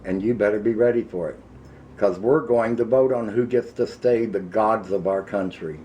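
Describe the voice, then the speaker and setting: Angry low-voiced Ozarks man ranting. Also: warm tone, dull audio, a little hiss or hum. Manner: heated, emphatic, slows down to hammer points. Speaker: vlogger. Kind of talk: angry political rant to camera.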